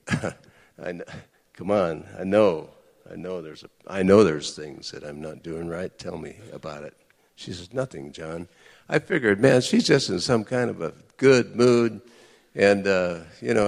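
A middle-aged man telling personal stories in an earnest, conversational sermon to a group of men, with lively outbursts. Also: low voice, creaky. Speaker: speaker addressing men. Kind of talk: sermon-style personal storytelling. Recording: echoey hall with long reverb.

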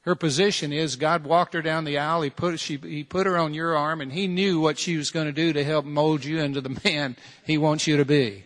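Man, preacher, slightly high voice, earnest sermon delivery with long hall reverb. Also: steady tone, brisk, few pauses, a bit bright. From United States. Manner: earnest, direct preaching full of repeated challenges and rhetorical questions.

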